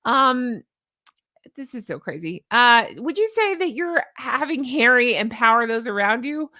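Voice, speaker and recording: A woman in her forties with a fairly high voice talks through a casual commentary vlog. She is sarcastic and exasperated and laughs often. The sound is dry and close, with no room echo. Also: sing-song, measured pace, sharp tone. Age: 40s. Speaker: commentary vlogger.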